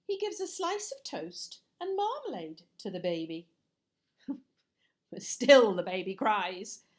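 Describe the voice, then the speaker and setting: A woman reading a picture book aloud to children, expressive and slipping in chatty asides and whispers. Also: mid-range voice.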